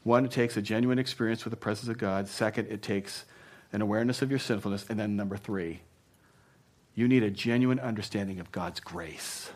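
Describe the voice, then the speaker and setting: A man preaching a sermon as pastor, speaking conversationally and punching key words loudly before dropping to a hush. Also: on the low side, fairly quick. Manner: emphatic, swinging between punchy loud lines and hushed asides; conversational, with frequent "you know".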